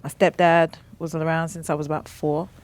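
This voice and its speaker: A woman from West London with a London accent, chatting as an interview guest and telling animated stories. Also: low voice, brisk. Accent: London English. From West London, England. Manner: animated storyteller, mimics others. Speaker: guest, singer and rapper. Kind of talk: casual interview chat.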